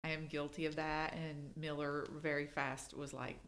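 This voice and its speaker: A woman telling stories in casual chat as a podcast co-host, animated when she quotes people. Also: low-pitched, normal speed, a little hiss or hum. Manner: storytelling, animated when quoting.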